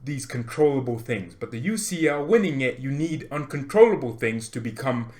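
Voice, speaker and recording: Excitable man ranting as a football fan. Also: medium pitch, normal speed. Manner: excitable, jokey, laughs often, repeats for emphasis. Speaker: football fan channel host. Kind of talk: animated fan rant to camera.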